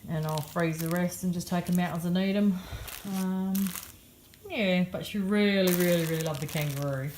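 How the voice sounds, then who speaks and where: A woman's voice: fairly low pitch, moderate pace, darkish tone, slight background noise. Chatty Australian woman vlogging at home. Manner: chatty, rambling, many fillers. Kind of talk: casual daily vlog. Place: home kitchen.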